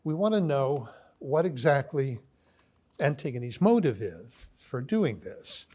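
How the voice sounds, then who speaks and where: A man giving a philosophy lecture, pausing often with ums and restarts as he reads quoted lines aloud. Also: medium pitch, big pitch swings, mellow. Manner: halting, many ums and restarts.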